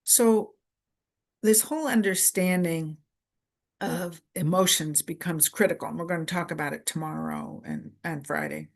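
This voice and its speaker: A woman presenter giving a conference lecture in a deliberate way, repeating key phrases in short lists for emphasis. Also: sits low, sing-song, vocal fry. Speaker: workshop presenter.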